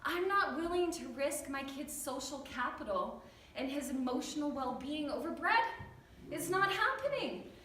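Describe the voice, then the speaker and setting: A woman telling humorous personal stories to an audience, animated and acting out the voices of her family. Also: high-pitched, moderate pace, slight background noise. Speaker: storyteller on stage. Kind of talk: humorous personal storytelling talk. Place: church hall with an audience. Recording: echoey hall, recorded from far off.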